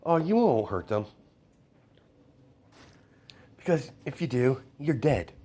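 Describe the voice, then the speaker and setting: A man's voice: mid-range voice, expressive, normal speed, mellow, husky, pitched above the performer's own voice. A man doing a smug young crime boss. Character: cool, confident young male crime boss.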